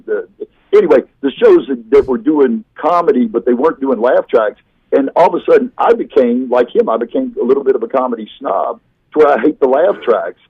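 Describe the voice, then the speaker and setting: A comedian guest on a video call, telling rambling, self-deprecating stories in casual chat. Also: male voice, medium pitch, breathy edge, dry recording, narrow, tinny audio.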